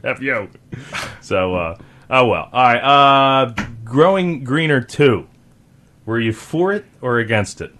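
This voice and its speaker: Casting: male talk radio host, mid-pitched, casual, joking banter. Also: lively intonation, measured pace, a bit bright. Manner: joking, mocking impressions in a raised voice. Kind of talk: casual call-in radio chat.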